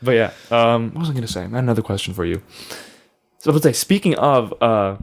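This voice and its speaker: A man's voice: medium pitch, expressive, fast talker. A man about twenty, co-hosting a podcast, telling a funny story with lots of laughter and swearing. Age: young adult. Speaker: podcast co-host. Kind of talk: casual chat.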